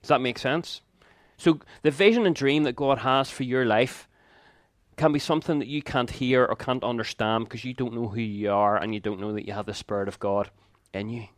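A man in his fifties preaching a sermon, telling a personal story in an earnest way with quick laughs and asides. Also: medium pitch, fairly even intonation, no room sound, studio quality.

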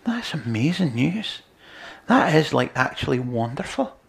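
Gravelly earnest male preacher. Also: medium pitch, very animated, a little slow. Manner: earnest, swings between loud emphasis and quiet near-whispers. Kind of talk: sermon.

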